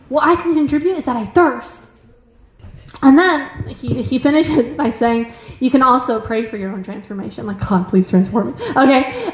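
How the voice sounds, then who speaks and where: A religious sister with a high voice gives an earnest, emphatic talk, leaning on filler words and restarting her phrases. The sound is muffled and echoes around the room. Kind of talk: informal spiritual talk.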